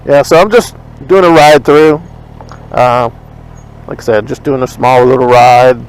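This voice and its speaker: Riding his motorcycle through city streets, a man tells a loose, rambling story about an argument, cursing bluntly along the way. He speaks at medium pitch in a steady, clear, resonant tone, a bit slowly. The recording is low quality, and faint traffic and street sounds can be heard.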